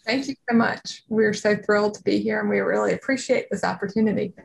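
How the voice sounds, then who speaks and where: Guest: woman with a foreign accent, earnest, explanatory, gravelly edge. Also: medium pitch, fairly even intonation, a little fast. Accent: non-native English. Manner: earnest, explanatory, many fillers. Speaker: guest, radiologist and company founder. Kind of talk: interview answers.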